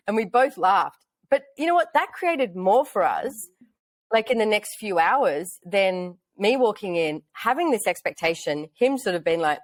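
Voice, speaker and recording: A woman's voice: brisk, dry recording. A woman with an Australian accent, chatting casually as a podcast host and acting out bits of dialogue as she tells stories. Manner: animated, acts out quoted dialogue in a high voice. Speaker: podcast host, relationship facilitator. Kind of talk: casual storytelling chat.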